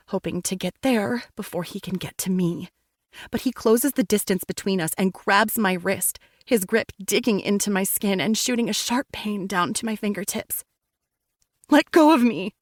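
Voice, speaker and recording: A woman narrates a first-person romance audiobook with a dramatic, intense reading. Her voice sits in a middle pitch. The recording is close and dry. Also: moderate pace, no room sound.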